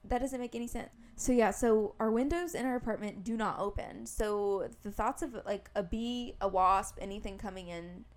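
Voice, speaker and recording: A woman's voice: mid-range voice, moderate pace, few pauses. A young woman co-hosting a podcast, telling a story in casual chat, acting out quotes and saying "like" a lot. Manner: animated storytelling, acts out quotes, many "like"s. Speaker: podcast co-host.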